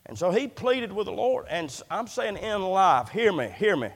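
High-voiced impassioned preacher man. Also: animated, normal speed, vocal fry, slightly rough. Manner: impassioned preaching, repeats words, swings loud and soft. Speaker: pastor. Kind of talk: sermon. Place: church sanctuary. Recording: long hall reverb.

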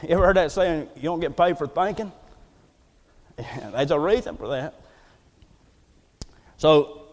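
Male pastor, very high voice, folksy and joking, builds to booming emphasis; long church-hall reverb. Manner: folksy, joking preaching that swells to loud emphatic declaration. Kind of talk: sermon. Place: church sanctuary.

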